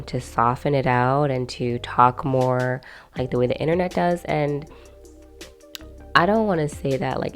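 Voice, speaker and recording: Young female vlogger, low and gravelly, loose chatty rambling delivery. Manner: rambling and chatty, many fillers and asides. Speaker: video host. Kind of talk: casual chat to camera.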